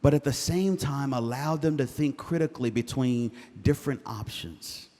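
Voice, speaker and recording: A man speaking to incoming students' parents at a university event, animated and joking, asking the crowd to answer back. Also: medium pitch, moderate pace. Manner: animated, jokey, calls for audience response. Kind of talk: live presentation to parents. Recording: hall reverb.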